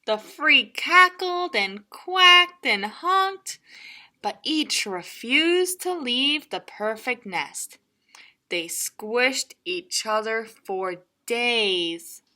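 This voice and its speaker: Librarian lady doing story time, slow, bright, super bouncy. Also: fairly high pitch. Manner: animated, playful, laughing asides. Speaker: children's librarian. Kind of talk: picture book read-aloud for children.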